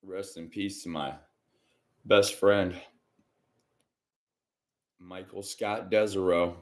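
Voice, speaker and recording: A man hosting a casual psychic reading livestream from home, rambling and chatty and often clearing his throat. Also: deep voice, fairly even intonation, takes it slowly. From Michigan. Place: indoors at home.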